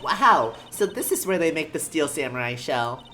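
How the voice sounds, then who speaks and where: A woman voicing an excited, eager young female sidekick in a video game. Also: deep voice, moderate pace, music in the background. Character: cheerful young woman assistant. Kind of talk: game dialogue read aloud.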